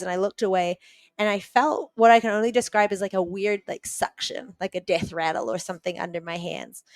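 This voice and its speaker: Smooth-voiced woman telling a vivid story. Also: medium pitch, a bit bright, dry recording. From New Zealand. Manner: vivid, earnest retelling with quick restarts. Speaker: podcast guest. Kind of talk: personal storytelling in a podcast interview.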